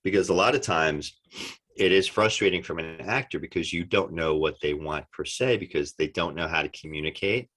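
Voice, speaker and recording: Deep-voiced animated male storyteller. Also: normal speed. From United States. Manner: animated storyteller, acts out quotes. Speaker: actor guest. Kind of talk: casual interview chat.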